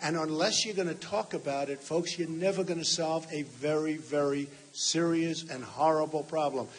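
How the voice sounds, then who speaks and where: A political candidate in his sixties, speaking at normal speed in a fairly high, slightly rough voice, gives an improvised rally speech to a large hall. He's emphatic and repetitive, often talking directly to the crowd.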